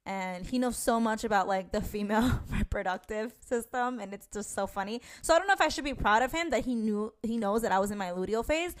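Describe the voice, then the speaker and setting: A young woman from New talks in a loose, rambling podcast chat. She fills her talk with "like" and "um", restarts her sentences and swears casually. Her pitch sits in the middle of the usual range for women. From New York. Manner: chatty, swearing, many fillers and restarts. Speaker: podcast host.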